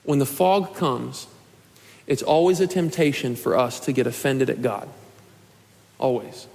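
A man in his twenties preaching a sermon to his church, earnest and pleading, at times rising to a shout. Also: mid-range voice, unhurried, vocal fry. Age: 20s. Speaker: pastor. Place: church sanctuary. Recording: long hall reverb.

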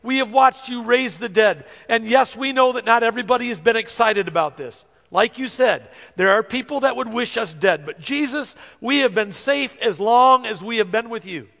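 A man preaching a sermon, earnest, slowing down to stress scripture verses. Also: extremely high pitch, lively intonation, gravelly, sharp tone. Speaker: pastor. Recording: long hall reverb.

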